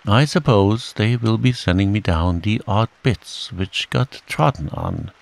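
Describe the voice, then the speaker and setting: A man's voice: lowish voice, sing-song, unhurried, creaky, full character voice. A man voicing a gloomy, self-pitying old male donkey in a mournful, dry way.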